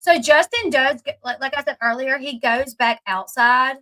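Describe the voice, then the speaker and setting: Chatty high-voiced woman reacting. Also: moderate pace, a bit bright, low-quality recording. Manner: chatty, emphatic, fillers and asides. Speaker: commentary channel host. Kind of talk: casual reaction commentary.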